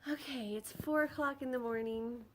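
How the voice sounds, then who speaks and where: A woman's voice: fairly high pitch, normal speed, a little hiss or hum. Young female book vlogger, bubbly, chatty, giggly, sleepy at night. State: tired. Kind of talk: casual vlog chat.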